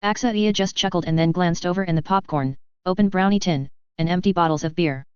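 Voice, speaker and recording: A woman narrating a story in a steady, matter-of-fact way. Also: lowish voice, brisk, clean tone, no room sound, dull audio. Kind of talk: story reading.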